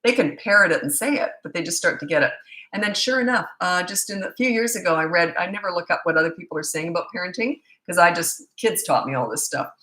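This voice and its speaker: A woman's voice: lowish voice, animated, quick pace, bright, forceful tone, echoey room. A middle-aged woman coaching parents in a rambling, chatty live Q&A with many asides. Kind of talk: casual live Q&A.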